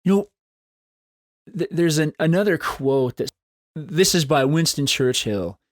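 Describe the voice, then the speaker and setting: A man's voice: a little high, no room sound, clean studio sound. A man hosting a solo podcast, talking in an earnest, encouraging way and repeating phrases for emphasis. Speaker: podcast host. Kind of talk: solo motivational podcast talk.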